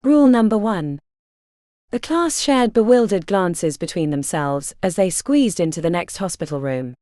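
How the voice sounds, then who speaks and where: A woman's voice: lowish voice, sing-song, moderate pace, a little mellow, no room sound, studio quality. Woman narrating a fantasy audiobook. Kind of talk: scripted narration of a fantasy novel.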